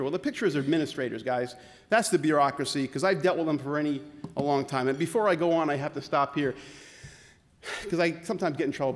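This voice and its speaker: A man with a fairly high voice delivers a sarcastic, punchy keynote to a conference audience. His voice rings out with a long reverb through a large hall. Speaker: keynote speaker, physician. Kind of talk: comedic keynote talk.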